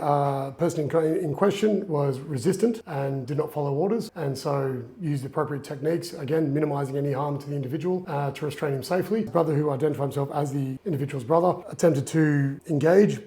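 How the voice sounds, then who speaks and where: A man's voice: a little high, dark tone. A man, a contestant, giving a formal, procedural statement with some hesitant restarts. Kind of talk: formal verbal report.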